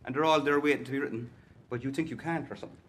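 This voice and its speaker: A middle-aged man with a Cork Irish accent talks in a loose, rambling way as an interview guest. His pitch sits at an ordinary middle height, and his talk is strewn with easy fillers. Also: fairly even intonation, very fast, a little hiss or hum. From Cork, Ireland. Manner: rambling and chatty, full of "like" and "you know". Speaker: singer-songwriter guest. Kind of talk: casual interview chat.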